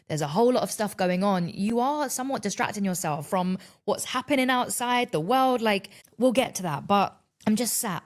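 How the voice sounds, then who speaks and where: Thirty-something woman podcasting solo, candid and sweary, animated storytelling. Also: mid-range voice, moderate pace, hardly any pauses. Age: 30s. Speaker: podcast host. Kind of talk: casual solo podcast monologue.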